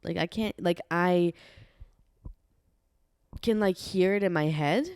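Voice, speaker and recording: A woman's voice: lowish voice, slow, a little mellow, clear, resonant tone, dry recording, studio quality. A woman with an American accent and a Bosnian home language, co-hosting a podcast in casual chat and filling her talk with "like". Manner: chatty, full of "like" fillers. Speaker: podcast co-host.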